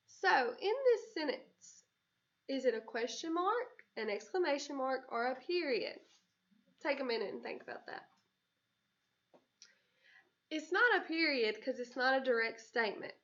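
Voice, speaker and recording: A woman teaching young children, explaining patiently and acting out excited examples. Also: high voice, a little slow, pauses often. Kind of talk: recorded classroom lesson for children. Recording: dull lo-fi recording.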